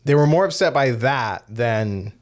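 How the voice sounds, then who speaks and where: A man co-hosting a podcast, talking casually about films with lots of fillers and quick tag questions. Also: mid-range voice, lively intonation. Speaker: podcast co-host. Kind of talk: casual film discussion.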